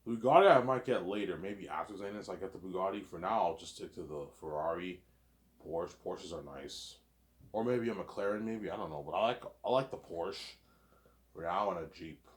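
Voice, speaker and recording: A man's voice: sits low, normal speed. A young man rambling casually and profanely, often repeating and stumbling over his words. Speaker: vlogger. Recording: echoey room.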